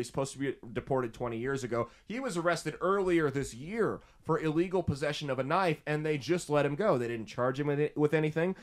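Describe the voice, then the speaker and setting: A man hosting a podcast, giving emphatic, indignant commentary on the news. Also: medium pitch. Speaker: podcast host.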